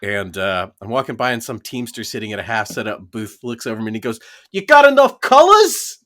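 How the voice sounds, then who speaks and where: A man's voice: fairly low pitch, steady tone, fast talker, pushed and bright. A man who is a voice actor and a podcast guest, telling playful anecdotes and hesitating with fillers while he thinks. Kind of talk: casual podcast chat and anecdotes.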